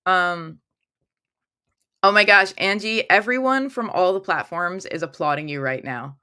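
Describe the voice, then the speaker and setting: A woman's voice: lowish voice, a little slow, pushed and bright, clear, resonant tone. A woman hosting a casual tarot livestream from a room at home, talking into her phone, chatty and upbeat as she reads viewer comments aloud.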